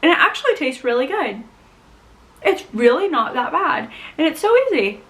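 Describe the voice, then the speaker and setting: A young woman from the United States chatting casually to camera as a vlogger, animated and full of "like". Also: high voice, normal speed, poor audio. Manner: chatty, animated, heavy use of "like". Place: home in Scotland.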